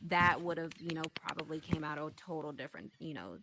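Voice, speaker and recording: A woman co-hosting a podcast, calmly giving advice in casual chat. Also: deep voice, brisk, background noise. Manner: calm, advising, explains step by step. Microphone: VR headset mic.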